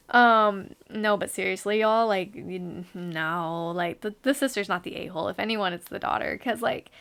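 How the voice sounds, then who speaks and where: A woman's voice: medium pitch, normal speed, vocal fry, hardly any pauses, smooth. A woman in her twenties hosting a podcast, chatting casually and with animation as she reacts to a story, with her throat getting a little sore. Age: 20s. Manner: chatty and animated, heavy use of "like" and "y'all". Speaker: podcast host.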